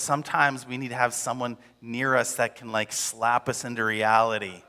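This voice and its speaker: A man's voice: medium pitch, flat delivery, normal speed, bright, forceful tone, in a large hall. A man preaching a casual, conversational sermon in a church, full of rhetorical questions. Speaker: pastor.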